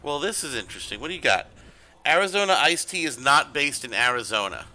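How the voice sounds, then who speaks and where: A man's voice: medium pitch, sing-song, fairly quick, sharp tone. A man chatting casually while streaming a game, rambling and sarcastic with plenty of swearing. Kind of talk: casual gaming stream commentary.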